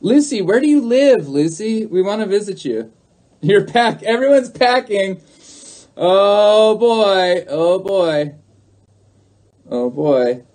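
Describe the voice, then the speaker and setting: High-voiced sarcastic man on a livestream. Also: sing-song, slow pace, mellow. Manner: sarcastic, mocking; argumentative, repeats himself. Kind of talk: livestream talk answering chat.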